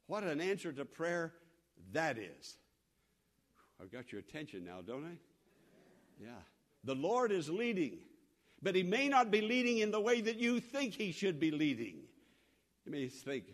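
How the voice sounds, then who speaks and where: A man preaching a sermon as pastor, repeating phrases for emphasis and swinging between loud appeals and soft asides. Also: fairly high pitch, big pitch swings, normal speed.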